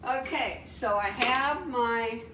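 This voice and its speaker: Woman, slightly high voice, excitable home cook, echoey room, sizzling pan behind. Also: takes it slowly. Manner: chatty, excitable, exclaims often. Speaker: home cook showing a recipe. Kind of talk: casual cooking demonstration. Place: home kitchen. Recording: echoey kitchen, distant mic, frying noise. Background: sizzling frying pan.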